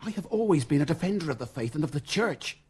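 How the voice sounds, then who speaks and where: A man's voice: fairly high pitch, lively intonation, quick pace, a little mellow, breathy edge. An actor playing an earnest young Royalist officer who pleads passionately for his faith and king, in a 1970s radio drama. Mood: anguished. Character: young Royalist officer, devout, principled, torn.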